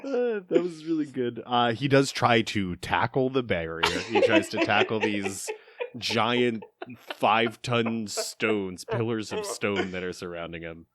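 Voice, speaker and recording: A man's voice: lowish voice, expressive, unhurried, fairly bright tone. A man co-hosting a podcast in casual chat, laughing often and making wry remarks about a movie. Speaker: podcast co-host.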